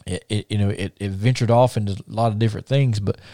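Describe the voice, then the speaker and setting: A man's voice: lowish voice, fairly even intonation, quick pace, mellow, dry recording, clean studio sound. A man who hosts a podcast, telling rambling stories, repeating words and laughing at them. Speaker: podcast host and former wrestler. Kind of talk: casual storytelling.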